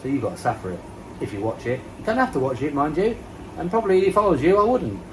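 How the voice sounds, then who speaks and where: Standing by his garden pond outdoors, this English koi vlogger in his fifties chats and rambles, cursing casually and making fun of himself. He talks fast in a fairly high voice with big swings in pitch, and there's noise in the background.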